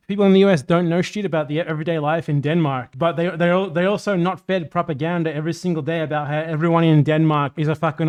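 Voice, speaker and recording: A man's voice: fairly high pitch, darkish tone. Blunt, sarcastic male streamer. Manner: blunt, sarcastic, swears freely. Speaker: livestream host reacting to a clip. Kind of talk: casual profane commentary.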